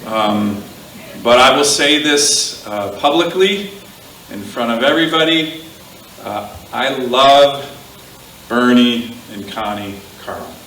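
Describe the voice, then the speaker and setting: A man from Alaska giving a eulogy at a memorial gathering, halting with fillers and light jokes. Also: medium pitch, lively intonation, a little hiss or hum. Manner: halting, fillers, warm joking asides. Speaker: speaker at a memorial. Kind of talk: public eulogy speech. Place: outdoor gathering with a crowd. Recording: echoey, distant amateur crowd recording.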